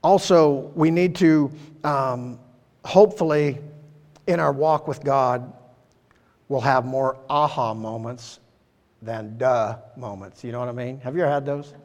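A man's voice: mid-range voice, a little slow, a little mellow. A man preaching a sermon as pastor, earnest and conversational, with many fillers and restarts. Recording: long hall reverb.

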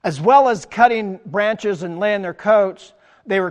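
Animated preaching man in a reverberant hall. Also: sits high, unhurried. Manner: animated preaching, acts out quoted crowd lines. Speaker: pastor. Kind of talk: sermon.

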